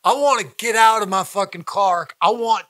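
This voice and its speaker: High, bright-voiced swearing comedian. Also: male voice, moderate pace, no room sound. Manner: profane, blunt and emphatic, heavy swearing; repeats himself for emphasis, laughs mid-sentence. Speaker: stand-up comedian guest. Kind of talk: casual podcast conversation.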